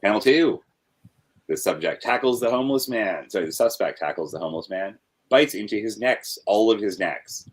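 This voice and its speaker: A man with a low, husky voice reads comic script panels aloud. His delivery is flat and matter-of-fact, and he breaks off now and then with offhand comments. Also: normal speed. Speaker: workshop participant reading script aloud.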